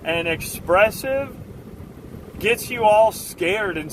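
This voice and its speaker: A man's voice: high-pitched, animated, measured pace, slight background noise. Assertive, fired-up man streaming live. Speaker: livestream host. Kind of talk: casual chat with live chat.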